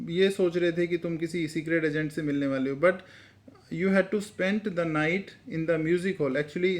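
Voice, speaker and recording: A man with an Indian English accent teaching, reading a textbook story aloud and re-explaining each line in simple words, with Hindi asides. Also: on the high side.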